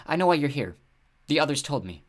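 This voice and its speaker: A man's voice: a little high, very animated, fairly quick, voice pushed up. A man voicing a haughty, paranoid female huntress goddess who speaks scornfully and bluntly. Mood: fierce.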